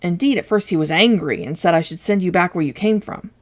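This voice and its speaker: A dutiful male palace guard from a storybook, read by a woman. He reports plainly and matter-of-factly. The voice sits a little low and stays even. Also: fast. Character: palace soldier, man, dutiful messenger.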